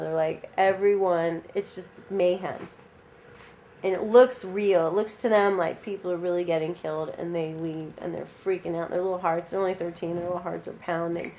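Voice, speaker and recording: A woman tells a spooky story in a casual, rambling manner, full of fillers and sudden rises in energy. Her voice sits at a middle pitch. Faint background noise hums under her. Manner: animated, rambling with frequent fillers.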